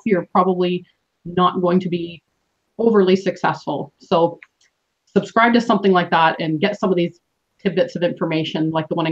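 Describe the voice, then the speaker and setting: Canadian-born woman host, earnest coach, lo-fi call sound. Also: lowish voice. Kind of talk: motivational team call talk. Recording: dull lo-fi call audio.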